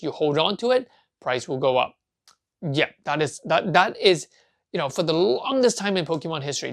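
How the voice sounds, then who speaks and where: Chatty video host with a gravelly voice. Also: mid-range voice. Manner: chatty, asks and answers own questions. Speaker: collecting channel host. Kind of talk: casual talk to camera.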